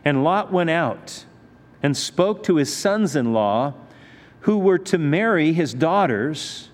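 A man's voice: a little high, lively intonation, slow. A male pastor teaching a sermon in a conversational way, posing rhetorical questions to his listeners. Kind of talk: expository sermon. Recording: reverberant hall.

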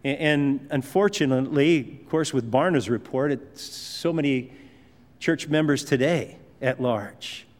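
A pastor preaching a sermon in a conversational, emphatic way, with asides to the congregation. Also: male voice, medium pitch, unhurried. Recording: long hall reverb.

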